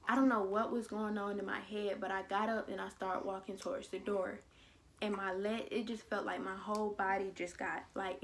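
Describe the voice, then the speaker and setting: A woman's voice: medium pitch, slight background noise. A young woman telling a personal story in a casual vlog, acting out what other people said. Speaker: vlogger.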